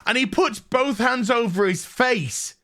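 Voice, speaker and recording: A man's voice: very high-pitched, measured pace, bright, forceful tone. An older man giving comedic, irreverent commentary on a reality show, mocking it and laughing often. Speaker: YouTube commentator.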